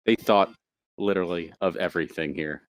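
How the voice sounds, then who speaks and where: A man with a somewhat low voice speaks close to the mic with a dry sound. He talks enthusiastically and casually, repeating words as he praises what he sees. He sounds like the host of a live online event. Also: steady tone, fairly quick, smooth, no echo. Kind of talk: casual live-stream talk.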